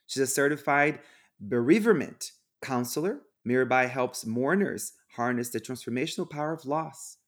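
A man's voice: mid-range voice, lively intonation, moderate pace. A man hosting a spiritual podcast, speaking in an earnest, effusive way with frequent restarts. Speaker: podcast host. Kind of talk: warm spiritual podcast chat.

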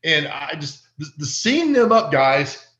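A man with a bright, forceful voice, pitched a touch high, tells lively stories as a podcast guest. He slips into the voices of the people he quotes. The sound is roomy and dull, like a lo-fi echoey recording. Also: a little slow. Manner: animated, acts out quoted voices. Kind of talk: casual storytelling chat.

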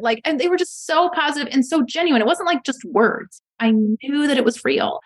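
A woman in her thirties speaks as an interview guest, her voice sitting a little higher than most. She tells personal stories in an earnest, reflective way, pausing to find her words. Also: lively intonation. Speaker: podcast guest, mother of a disabled child. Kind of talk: conversational interview.

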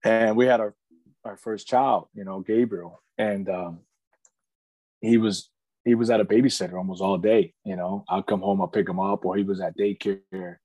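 A man's voice: lowish voice, steady tone, normal speed, darkish tone, no room sound. A man in his thirties, a podcast guest, candidly telling his life story in casual conversation, earnest, peppering his speech with "man" and "you know.". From United States.

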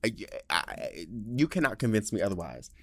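A man hosting a casual solo podcast, telling stories in a sassy, profane way, with big jumps in pitch and loudness. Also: sing-song, normal speed, no echo, clean studio sound. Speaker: podcast host. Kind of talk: casual monologue.

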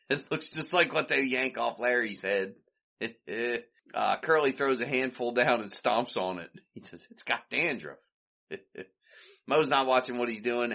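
A man's voice: mid-range voice, pushed and bright. A man hosting a podcast, casually retelling an old comedy short, chatty and loose, and he chuckles often. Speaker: podcast host.

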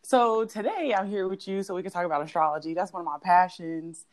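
A woman's voice: on the low side, brisk. Chatty young-sounding woman guest. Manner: chatty, giggly, many "like" fillers. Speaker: podcast guest, astrologer. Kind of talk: casual chat.

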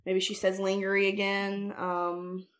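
A woman's voice: medium pitch, monotone, a little slow. A woman co-hosting a podcast, chatty and playful in casual talk. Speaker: podcast co-host. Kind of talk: casual chat.

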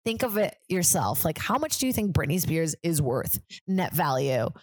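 A woman's voice: low voice, big pitch swings, normal speed, dry recording. A woman comedian hosting a casual podcast chat, rambling with lots of fillers, swearing and laughing often.

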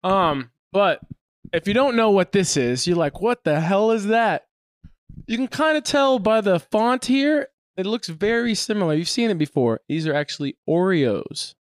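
A man's voice: high-pitched, lively intonation, moderate pace, no room sound, studio quality. A man co-hosting a podcast in casual chat, joking and laughing while tasting snacks and reading out labels. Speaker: podcast co-host.

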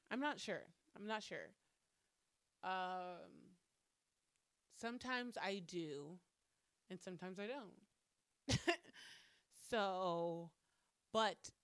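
A woman telling a personal story straight to her viewers in a casual, animated way, swearing freely and breaking into loud exclamations. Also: on the low side, drawn-out words, pauses often, clean tone, no echo. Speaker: vlogger.

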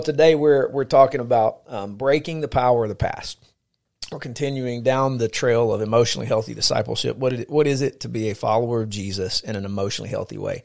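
Gravelly low-voiced man teaching faith. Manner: earnest, lively, frequent fillers. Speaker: podcast co-host. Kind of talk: casual chat and faith teaching.

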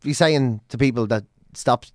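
A middle-aged Irish man trading banter as a podcast co-host, sweary and quick to laugh at his own stories. His voice sits in a middle pitch and sounds dry and close to the mic, with no room echo. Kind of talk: casual chat.

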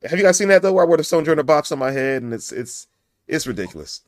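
A man's voice: on the high side, big pitch swings, fast talker, dry recording. Young adult man, podcast host, casual chat, goofy and joking, dry recording.

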